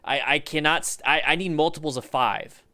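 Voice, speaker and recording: Excitable chatty man streaming live. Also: on the high side, brisk. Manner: excitable, chatty, swears and greets viewers. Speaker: livestream host reacting to motorcycle videos. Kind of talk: casual livestream commentary.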